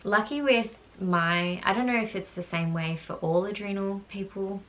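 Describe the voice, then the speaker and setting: Woman, thirties, low voice, vocal fry, casual rambling storytelling. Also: normal speed, hardly any pauses. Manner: candid, rambling, lots of "like" asides. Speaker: vlogger telling her birth story.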